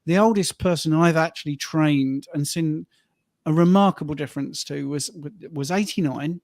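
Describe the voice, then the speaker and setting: A man's voice: a little high, normal speed, a little mellow, no echo, clean studio sound. A man, a fitness and rehab coach, chatting casually and telling heartfelt client stories. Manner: anecdotal, gets emotional telling stories. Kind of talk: casual panel chat.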